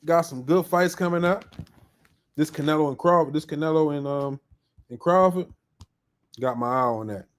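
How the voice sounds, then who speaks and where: A man's voice: fairly high pitch, normal speed, pauses often. A man hosting a live podcast in casual chat, upbeat and slangy as he greets viewers by name. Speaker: podcast host.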